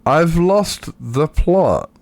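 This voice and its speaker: A man's voice: a little high, sing-song, extremely slow, vocal fry, darkish tone, no room sound. An Australian man streaming a game, chatting casually and rambling in a self-mocking way with his viewers. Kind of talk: casual live-stream chat while playing.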